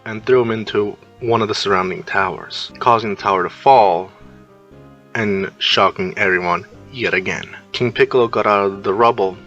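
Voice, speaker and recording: A man's voice: fairly low pitch, normal speed, a bit bright, highs cut off, soft background music. A man narrating a fan-made story, recounting the action scene by scene.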